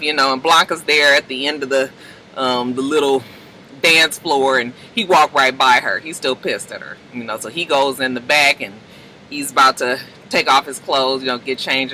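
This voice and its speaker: A man recapping a TV episode in a chatty, animated way. He acts out the characters' lines and calls his viewers "honey.". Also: medium pitch, a little hiss or hum, low-quality recording. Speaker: TV episode reviewer. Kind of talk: casual TV recap.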